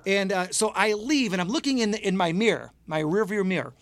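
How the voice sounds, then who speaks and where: A man who is a motivational speaker, telling a lively story on a talk show, acting out the scenes and often repeating words. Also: high-pitched, brisk, dry recording.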